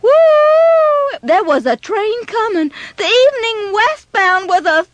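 Woman storyteller, high expressive voice, slow and dramatic, dry close sound. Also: no echo, muffled recording. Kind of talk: scripted children's story narration.

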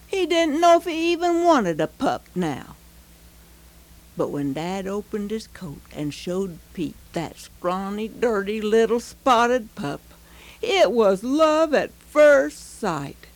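A woman reading a heartfelt story aloud, slow and expressive. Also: medium pitch, poor audio. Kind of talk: scripted story narration.

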